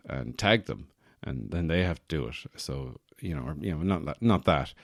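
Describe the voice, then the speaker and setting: A man's voice: a bass voice, lively intonation, normal speed, creaky, no room sound, clean studio sound. A young man hosting a casual solo podcast from his apartment, rambling and joking with lots of self-correcting asides. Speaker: podcast host.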